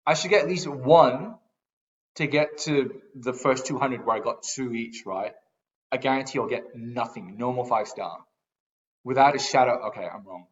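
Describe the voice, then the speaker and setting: A man's voice: medium pitch, animated, normal speed, highs cut off. A man giving casual commentary on a mobile game, ranting and swearing in exasperation as he talks. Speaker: gaming YouTuber.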